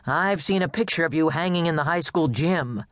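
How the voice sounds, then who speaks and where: A man's voice: fairly high pitch, normal speed, fairly bright tone, dry recording, studio quality, natural voice. A woman voicing a short, pushy male police chief who talks bluntly and bossily. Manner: blunt, brusque, bossy.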